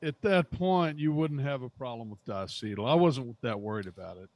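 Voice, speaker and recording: A man co-hosting a homebrew podcast, talking in a halting, wry way with many restarts. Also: mid-range voice, animated, darkish tone, dry recording. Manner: halting, repeats words, wry. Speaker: podcast co-host. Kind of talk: casual chat.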